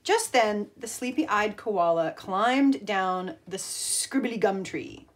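Woman art teacher, story time to lesson, slow and animated. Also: mid-range voice, slight background noise. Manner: expressive storyteller, pointing out pictures. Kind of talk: reading a picture book aloud and teaching an art lesson.

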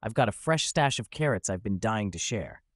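A man voicing a calm, dreamy female bunny who talks in an unhurried way. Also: on the low side, no room sound, clean studio sound.

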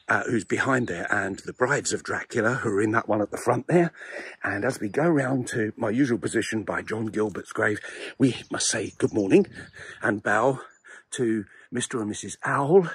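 This is a man in his sixties with an English accent, wandering outdoors as he records a rambling vlog. He is a little out of breath from the walk, and his voice has a husky grain. His manner is chatty, wry and self-deprecating, and the sound is dry and close, with little room around it. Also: medium pitch, dry recording. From England. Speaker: vlogger. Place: outdoor cemetery, walking.

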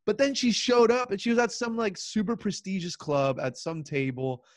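A man's voice: high voice, moderate pace, no room sound, clean studio sound. A young man in his twenties, a podcast guest, telling stories casually with laughter and self-mockery. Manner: laughing, self-mocking storytelling with acted-out voices. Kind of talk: casual chat.

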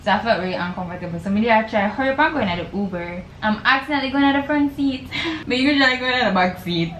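Young Jamaican woman, vlogger, animated swearing rants in patois, faint background hiss. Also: a little high, quick pace, muffled recording. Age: young adult. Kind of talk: casual chat while assembling furniture. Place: dorm room. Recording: echoey room, faint noise.

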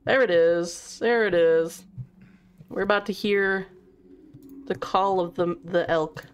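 A woman's voice: on the low side, steady tone, takes it slowly, smooth. A woman streaming a horror game in a giggly, chatty way, swearing casually as she plays. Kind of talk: casual live-stream chat.

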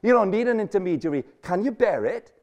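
A man preaching a lively sermon to a student conference in a lecture hall, energetic and jokey, repeating his points for emphasis. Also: high voice, fast.

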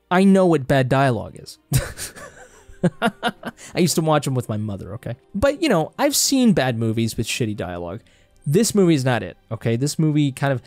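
The recording is dry, and the man's voice leans high with a darkish tone. A young Mexican native Spanish speaker with a Mexican Spanish accent, he's a film vlogger whose movie review monologue turns passionate and heated, full of free swearing as he gets riled up.

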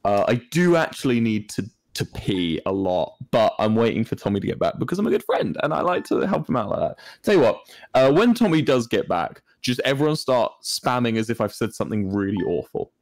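A man's voice: lowish voice, big pitch swings, brisk, dry recording. A young British man chatting casually to a stream audience, mischievous and rambling with lots of fillers. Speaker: streamer's guest co-host.

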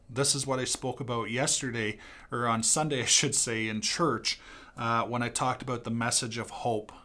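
A man's voice: medium pitch, fairly even intonation, normal speed, bright, forceful tone. A man speaking as a pastor in a devotional talk, earnest, reading from a book and repeating key lines for emphasis.

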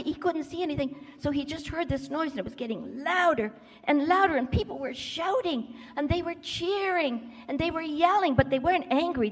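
A woman's voice: sits high, slightly rough. A woman with a Canadian accent telling a children's story in a church service, acting out the characters' voices. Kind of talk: children's story told with props. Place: church sanctuary. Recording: church sanctuary with long reverb.

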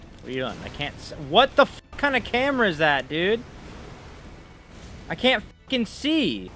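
A man's voice: high voice, wildly swooping pitch, moderate pace, pushed and bright, slight background noise. A young man giving profane, frustrated commentary while playing a game, trash-talking bosses. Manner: swearing, frustrated outbursts, mocking trash talk. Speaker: gaming streamer.

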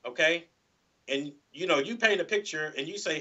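A man's voice: fairly high pitch, moderate pace, pushed and bright, lo-fi sound. A man, a guest guitarist, chatting casually in an interview, rambling and full of "you know"s and restarts.

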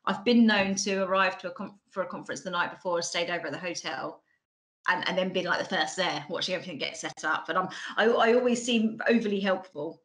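A woman's voice: fairly low pitch, brisk, fairly bright tone, low-quality recording. A woman in her forties with a Bracknell Mockney-style accent, giving a chatty conference talk online with many ums and restarts, over a computer mic. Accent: Bracknell, Mockney-like estuary. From England. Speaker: conference speaker.

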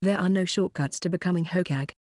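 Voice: mid-range voice, quick pace, a little mellow, no echo, natural voice. An audiobook narrator voicing an ancient male wizard spirit, teasing and weary, with a dry, sighing manner.

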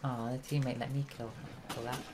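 A British woman chatting casually to her viewers while streaming a game, with sudden excited outbursts. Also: very deep voice, a little fast, heavy background noise. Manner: chatty, talks to chat, bursts into excited shouts. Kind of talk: casual live gameplay commentary. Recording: loud game music behind.

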